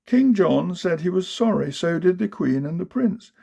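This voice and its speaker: Gravelly man reading children's verse aloud. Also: high-pitched, expressive, normal speed, mellow. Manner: rhythmic, sing-song verse reading. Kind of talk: storybook reading of children's poems.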